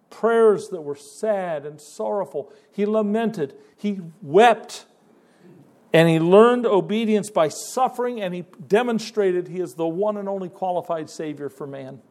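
A man delivers a sermon in an easygoing, conversational way. He often restarts his phrases and then lifts into sudden emphatic rises. His voice sits a little higher than most men's. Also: a little mellow. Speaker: preacher.

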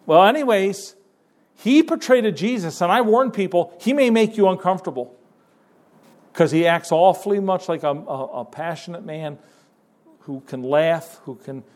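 A man delivers a sermon in an easygoing, conversational way. He often restarts his phrases and then lifts into sudden emphatic rises. His voice sits a little higher than most men's. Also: normal speed, a little mellow. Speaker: preacher.

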